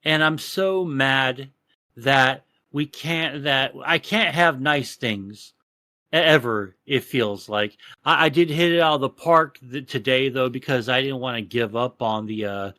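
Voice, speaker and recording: A man from Texas, telling a profane, animated rant on a casual podcast. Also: mid-range voice, a little slow, no echo, studio quality. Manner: profane, animated ranting storyteller. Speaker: podcast co-host.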